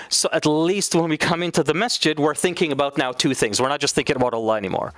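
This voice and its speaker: A man's voice: fairly high pitch, fast, few pauses, a bit bright, no echo. A man teaching an Islamic studies class in a casual, conversational way, now and then acting out quoted speakers.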